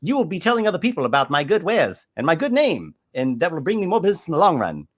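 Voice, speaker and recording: A man doing a pushy, flattering merchant. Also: fast talker. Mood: wheedling. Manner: wheedling sales pitch, grandiose. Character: pushy male gnome shell merchant, flattering.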